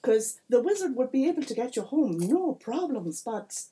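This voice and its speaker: A woman voicing a pushy, chatty male small-town mayor with a deliberately bad put-on accent. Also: fairly high pitch, sing-song, dark tone, pitched above the performer's own voice.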